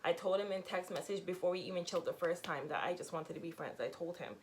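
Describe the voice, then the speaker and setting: A woman's voice: fairly low pitch, fast, a little mellow, slight background noise. A young adult woman in a casual storytime vlog, telling her story candidly and expressively, with lots of fillers and swearing. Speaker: vlogger.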